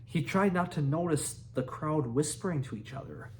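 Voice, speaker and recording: A man's voice: a little high, animated, normal speed, slight background noise. A man reading a children's book aloud, laughing now and then and restarting words. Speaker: reader.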